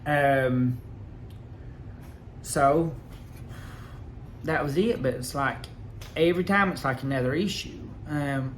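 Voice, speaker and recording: Man, fairly high voice, rambling and aggrieved, lots of halting fillers; personal vlog. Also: a little hiss or hum. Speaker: vlogger. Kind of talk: casual personal storytelling.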